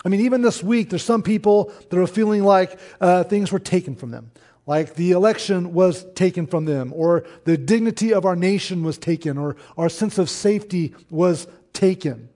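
A man preaching a sermon to his church, in an earnest, conversational way with pauses. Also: high-pitched, mellow. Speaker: pastor.

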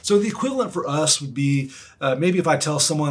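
A man's voice: on the high side, lively intonation, fairly quick, slightly rough. A man preaching a sermon as pastor, in an earnest, emphatic manner that leans on repetition.

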